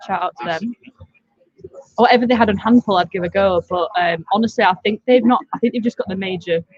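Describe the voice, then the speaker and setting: A woman's voice: mid-range voice, no room sound, lo-fi sound. A woman with a Yorkshire accent, a bar manager chatting casually in a pub garden, rambling and laughing easily. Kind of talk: casual chat. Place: outdoor pub garden, off camera.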